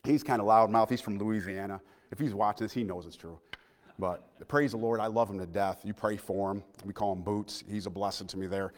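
A man in his thirties preaching a personal sermon in a church, earnest, moving between loud appeals and hushed, quiet passages. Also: fairly low pitch, fairly quick. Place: church sanctuary. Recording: long church hall reverb.

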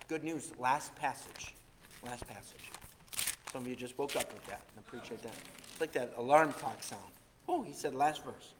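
A man preaching a sermon as pastor, animated, swinging between loud and hushed delivery. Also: mid-range voice, normal speed, slight background noise. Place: church. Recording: echoey church hall.

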